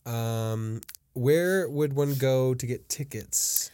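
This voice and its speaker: Woman podcast host with an unusually deep voice; playful, pushy interviewer. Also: slow, dark tone, clean tone, dry recording. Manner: playful, teasing, keeps prompting the guest. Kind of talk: casual interview chat.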